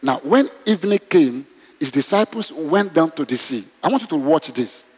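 A man preaching a sermon, animated and exclamatory, leading the congregation in prayer. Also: a little high, normal speed, breathy edge. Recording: long reverb in a hall.

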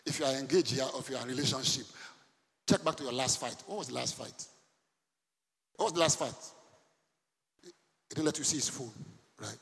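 A man preaching a sermon to a congregation, animated, quizzing his listeners and breaking into laughter and loud outbursts. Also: medium pitch, brisk, creaky, long pauses. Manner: animated preaching, sudden shouts and laughs, asks the congregation questions. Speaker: pastor. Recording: long hall reverb.

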